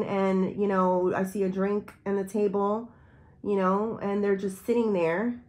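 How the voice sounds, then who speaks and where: A woman's voice: medium pitch, fairly even intonation, measured pace, a little mellow. A woman giving a tarot reading, talking straight to the viewer in a rambling, intuitive way. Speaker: tarot reader.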